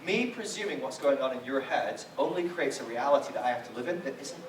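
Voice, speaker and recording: A man's voice: medium pitch, expressive, quick pace, crowd noise. A man giving a conversational sermon as a guest preacher, telling stories with frequent "right?" asides and acting out quotes. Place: church hall. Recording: echoey hall, distant mic, faint noise.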